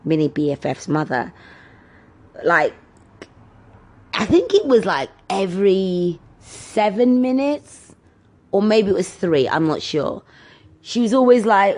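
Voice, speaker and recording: A woman's voice: fairly low pitch, animated, unhurried, a little mellow. A woman vlogging, telling everyday stories in a chatty, exasperated way and swearing freely. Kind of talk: casual ranting storytime.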